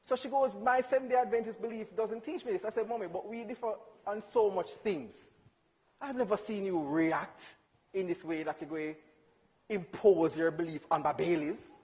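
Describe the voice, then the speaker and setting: A young man telling a funny personal story in church, animated and acting out dialogue with laughs. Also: sits high, moderate pace. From Jamaica. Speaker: church speaker. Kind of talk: storytelling testimony. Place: church hall. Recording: hall reverb.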